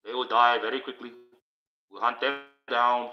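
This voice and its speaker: A man's voice: medium pitch, fairly even intonation, moderate pace, muffled recording. A man delivering a preachy livestream monologue in a put-on, declaiming voice.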